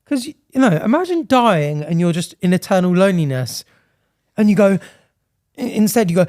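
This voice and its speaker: High-voiced playful male podcast co-host. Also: sing-song, fairly quick, a little mellow. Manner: playful, laughs often, acts out little voices. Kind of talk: casual comedic chat. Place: studio on a high floor.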